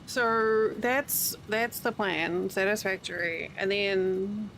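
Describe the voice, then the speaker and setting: A woman's voice: mid-range voice, fairly even intonation, slow, fairly bright tone, a little hiss or hum. A tired woman streaming a game, rambling casually to chat as she yawns. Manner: rambling, chatty, yawning.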